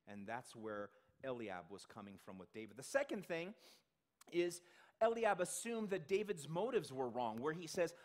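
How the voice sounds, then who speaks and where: A man with a highish voice and big pitch swings preaches at normal speed in a church sanctuary. His sermon is conversational, full of questions to the congregation and acted-out quotes.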